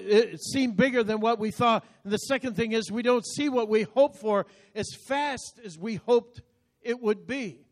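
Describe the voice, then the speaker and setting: A man in his sixties preaching a sermon as pastor, speaking emphatically with sudden swings between loud and soft, and often repeating words as he starts a phrase. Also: very high-pitched. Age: 60s.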